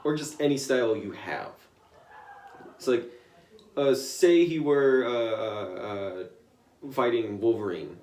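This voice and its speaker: A man's voice: mid-range voice, lively intonation, takes it slowly, long pauses, darkish tone. A young man casually retelling a comic story to a friend, rambling with lots of fillers and restarts, in an echoey room. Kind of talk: casual chat.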